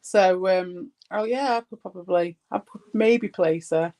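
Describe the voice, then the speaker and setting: A man's voice: sits high, measured pace, a little mellow, poor audio. A man chatting casually, enthusiastic and rambling, with hedges and restarts. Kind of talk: casual chat.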